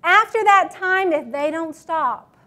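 High-voiced woman teacher leading a workshop. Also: expressive, takes it slowly, bright, forceful tone. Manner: matter-of-fact, quizzes the audience. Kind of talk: classroom management workshop talk.

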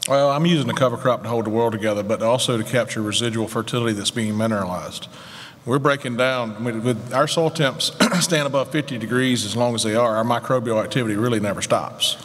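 A plainspoken man explains his farming practice briskly as a guest on a conference panel. His mid-pitched voice echoes with the long reverb of a large session hall.

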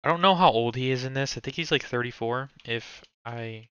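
With a mid-range voice that's a little fast, pushed and bright, clear and resonant, a streamer mutters his way through ranking movies. He rambles and swears in casual, thinking-aloud commentary to himself. The recording is muffled, without room sound.

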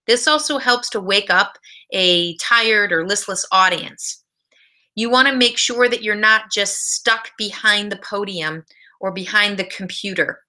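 A woman's voice: medium pitch, a little slow, bright, forceful tone. A woman teaching a college speech class in a recorded video lecture, giving direct practical tips.

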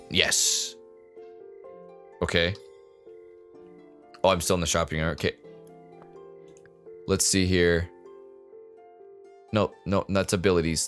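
A man's voice: mid-range voice, a bit bright, smooth. Joking man narrating his gameplay. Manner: jokey, talks to game characters. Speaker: let's play gamer. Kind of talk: casual gameplay commentary.

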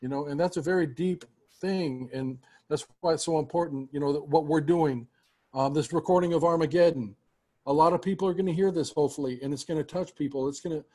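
This man's voice is a little high and brisk. A music teacher hosting a roundtable on a video call, he talks earnestly, warmly and at length to his students in a casual heartfelt way, rambling with frequent restarts.

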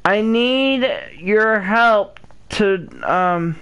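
A woman's voice: mid-range voice, extremely slow, a bit bright, clear, resonant tone. A woman playing a video game and commenting, frustrated and whiny, pleading with her viewers for help. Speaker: gamer. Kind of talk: let's-play commentary.

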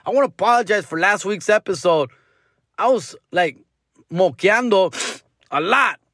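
Slangy comedian, lively voice. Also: male voice, high voice, measured pace, dry recording. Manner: profane, slangy, drops Spanish words. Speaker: podcast host, comedian. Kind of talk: casual comedic storytelling.

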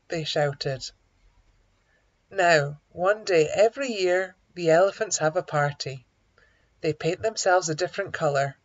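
A woman slowly reading a simplified children's story for English learners, clear and expressive. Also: dull audio. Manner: slow, clear, animated with high character greetings.

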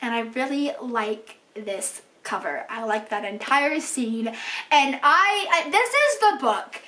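A woman's voice: high voice, pushed and bright. A young woman book vlogger chatting casually about books she read, gushing and full of fillers. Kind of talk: casual chat. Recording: echoey room.

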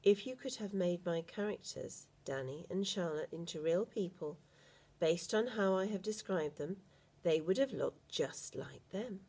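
Woman reading a story in a lowish voice. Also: husky. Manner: steady, measured first-person narration.

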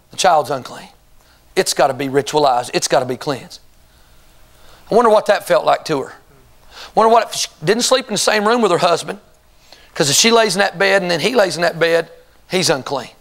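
A man with a very high voice delivers a sermon from the pulpit. He keeps firing rhetorical questions at the congregation and urging them to answer aloud. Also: bright, forceful tone. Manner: asks the congregation rhetorical questions and calls for responses. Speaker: preacher. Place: church sanctuary before a congregation.

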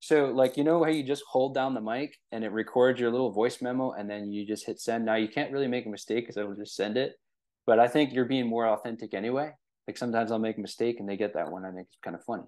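A man's voice: medium pitch, quick pace, a little mellow. A man leading a real estate training in a casual, conversational way, often checking in with the listeners. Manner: conversational, with frequent fillers and rhetorical "right?".

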